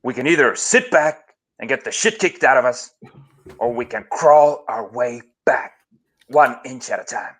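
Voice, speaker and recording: A man's voice: medium pitch, expressive, a little slow, fairly bright tone. A man impersonating an impassioned middle-aged football coach delivering a rousing locker-room speech. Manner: rousing, dramatic pep-talk delivery.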